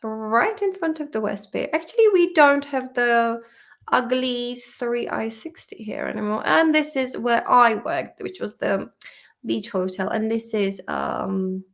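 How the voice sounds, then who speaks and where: Her pitch is fairly high, her pace measured, and her voice creaky. She's an English teacher in her thirties from the Czech Republic, laughing, swearing and chatting with feeling as she works through vocabulary in a relaxed, vlog-like study session.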